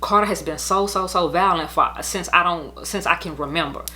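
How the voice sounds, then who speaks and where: A woman's voice: fairly low pitch, normal speed, pushed and bright. A young woman telling her custody story in a casual storytime monologue, blunt, heated and profane, rambling as she goes.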